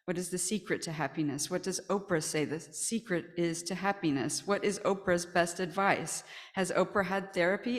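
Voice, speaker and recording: A woman at a live reading, reciting a long list of questions in a flat, measured, deadpan way. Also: on the low side. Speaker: performer at a reading. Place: gallery reading event. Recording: long hall reverb.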